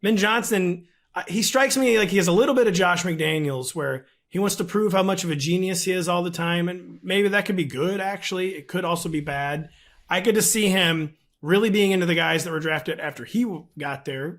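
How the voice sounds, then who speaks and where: A man's voice: high-pitched, fairly bright tone. A man talking fantasy football as a podcast guest, rambling and self-deprecating with lots of fillers. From St. Louis region. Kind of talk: casual podcast chat.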